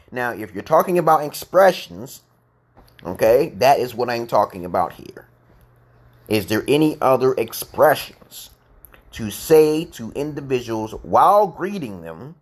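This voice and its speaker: A man's voice: medium pitch, very animated, unhurried. A man hosting a casual live stream, lecturing and teaching English, often checking in with "okay?" and "correct?". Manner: lecturing, repeats himself, asks "correct?" and "okay?". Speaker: host of a live chat and English practice stream. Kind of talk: casual livestream chat and English lesson.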